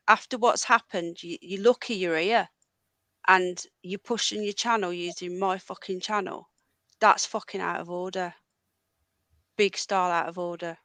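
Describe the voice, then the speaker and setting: A woman's voice: mid-range voice, bright, forceful tone, dry recording. A woman hosting a livestream, angrily ranting at a guest and swearing a lot. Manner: furious, swearing, confronting a guest. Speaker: livestream host. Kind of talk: angry livestream rant.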